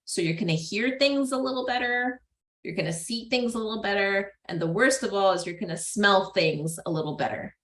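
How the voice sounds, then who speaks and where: A woman's voice: medium pitch, a little fast. A woman giving a casual psychology lecture to a class, chatty, with frequent laughs and fillers. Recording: roomy classroom echo.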